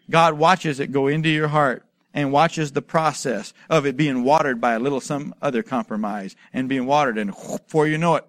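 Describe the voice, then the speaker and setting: A man preaching a sermon, telling stories and asking rhetorical questions, building to loud, emphatic exhortation. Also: fairly high pitch, moderate pace, no room sound, clean studio sound. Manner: storytelling with acted asides and rhetorical questions. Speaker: pastor.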